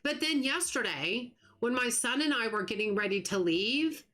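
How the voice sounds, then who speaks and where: A middle-aged American woman hosting a live stream, chatting earnestly with viewers and often restarting her sentences. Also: fairly high pitch. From United States. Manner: earnest, talks fast when excited, trails off and restarts. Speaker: livestream gaming host. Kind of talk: casual chat with live viewers.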